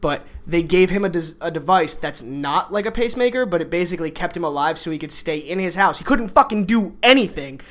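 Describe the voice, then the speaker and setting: A man hosting a podcast in casual, jokey chat, sarcastic and quick to swear. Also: on the high side, lively intonation, fairly bright tone. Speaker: podcast host.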